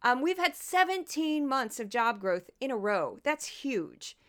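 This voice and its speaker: Casting: woman podcast host, sarcastic and chatty, smooth higher voice. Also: big pitch swings, a little slow, a bit bright. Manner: chatty, sarcastic, laughs often. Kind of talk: casual commentary.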